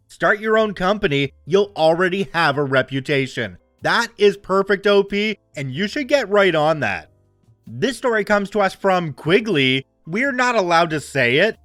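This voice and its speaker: A man's voice: high voice, no echo. A man hosting a show, reading online stories aloud with playful asides. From Canada. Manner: animated storyteller with playful asides.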